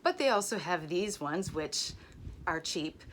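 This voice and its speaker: A woman's voice: on the low side, expressive, measured pace, fairly bright tone, a little hiss or hum. A middle-aged woman, a nurse, chatting casually to camera in a blunt, profane, joking way. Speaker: ER nurse vlogger. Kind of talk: casual vlog chat.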